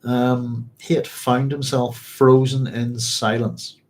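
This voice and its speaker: Book club host, male, middle pitch; reads a passage, then talks it through loosely. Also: level tone, slow, a little mellow. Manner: thinking aloud, frequent restarts and "if you like". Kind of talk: reading aloud and discussing a novel.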